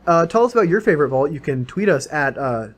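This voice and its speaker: A man's voice: fairly high pitch, animated, fast talker. A man co-hosting a podcast, chatting casually and filling in explanations with the odd "um". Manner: explanatory, fills in details, with "um" and "uh". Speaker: podcast co-host. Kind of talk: casual chat.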